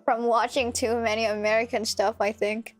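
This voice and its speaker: A woman's voice: fairly high pitch, little pitch movement, moderate pace, soft background music. A woman streamer chatting casually while playing a game, playful and giggly, often stumbling over her words.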